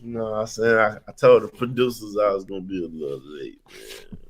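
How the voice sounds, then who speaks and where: A man co-hosting a podcast in relaxed, slangy casual chat, a little tipsy. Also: lowish voice, vocal fry, breathy edge. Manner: relaxed, slangy, slow drawl. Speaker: podcast co-host.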